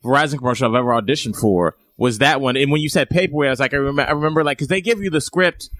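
A man's voice: medium pitch, rapid-fire, fairly bright tone, dry recording, clean studio sound. A man who is a comedian telling rambling stories with restarts and swearing in a casual chat.

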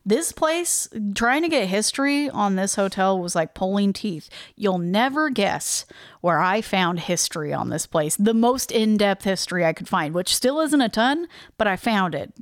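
A woman co-hosting a podcast at a mid pitch, talking casually and with a wry humor. She reads her research notes aloud and drops offhand jokes between the lines. Her voice is close and dry, with no room sound. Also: expressive, normal speed, no room sound. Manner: chatty, wry, laughs easily, reads notes aloud with asides. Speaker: podcast co-host.

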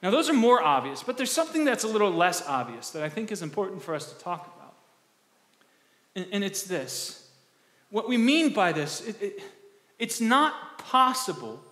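A male pastor preaching a conversational sermon, asking the congregation questions and restarting words in quick bursts. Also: high-pitched, fairly bright tone. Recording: echoey hall with long reverb.

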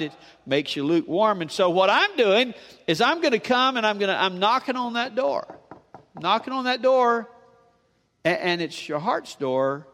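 Male pastor, high voice, animated sermon, church reverb. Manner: animated preaching, rising and dropping emphatically. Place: church sanctuary with long reverb.

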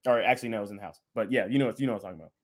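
A man's voice: lowish voice, rapid-fire. A man co-hosting a podcast, chatting about sports in a joking, playful way. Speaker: podcast co-host. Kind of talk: casual sports chat.

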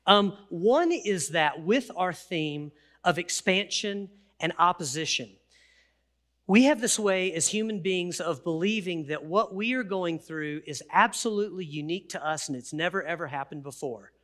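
Animated high-voiced preacher man. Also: normal speed. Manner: animated storytelling, acts out quotes. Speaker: pastor. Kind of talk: sermon.

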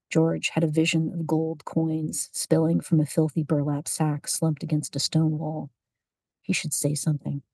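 A woman narrating a story in an even, unhurried storytelling manner. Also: deep voice, gravelly, slightly rough, no room sound, studio quality. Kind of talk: audiobook narration.

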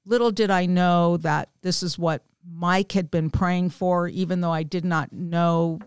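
Smooth-voiced woman telling her story. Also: lowish voice, fairly even intonation, a little slow, no echo, studio quality. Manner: candid, self-deprecating storyteller. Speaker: small group leader, guest. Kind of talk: personal testimony in casual chat.

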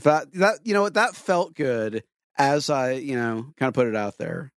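A man's voice: mid-range voice, animated, moderate pace, no echo, studio quality. A man co-hosting a podcast, trading playful, mock-proud quips in casual comedic chat. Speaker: podcast co-host.

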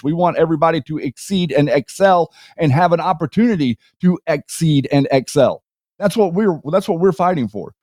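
A man argues his side on a casual political talk stream in a somewhat high voice. He often repeats his first few words before getting a sentence out. The recording is dry, with little room sound. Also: a little mellow, no room sound. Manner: repeats words when starting, argumentative. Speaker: co-host.

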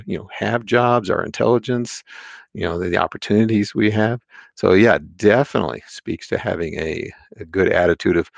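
A man co-hosting a Bible discussion, talking in a thoughtful, measured, casual way. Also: lowish voice, creaky, no echo. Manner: thoughtful, measured, adds points as they occur to him.

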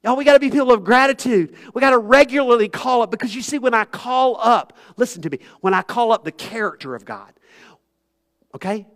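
Man, pastor, higher voice, earnest and conversational, talks right to the congregation. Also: animated, brisk, a bit bright. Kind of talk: sermon. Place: church sanctuary.

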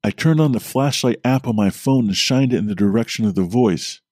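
A man, a podcast host, reading a horror story aloud in a steady, measured way. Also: medium pitch, no echo, clean studio sound. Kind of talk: scripted horror story narration.

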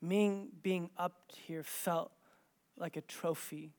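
A male pastor telling a personal story in a sermon, swinging between hushed, near-whispered moments and loud, intense emphasis, with a casual, "like"-filled way of talking. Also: sits high, steady tone, slow.

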